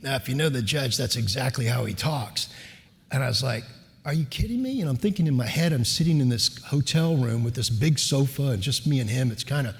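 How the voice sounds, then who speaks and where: A middle-aged man giving a keynote speech, telling a personal story in a relaxed, conversational way with fillers, in a reverberant lecture hall. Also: medium pitch, brisk. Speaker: keynote speaker, lawyer.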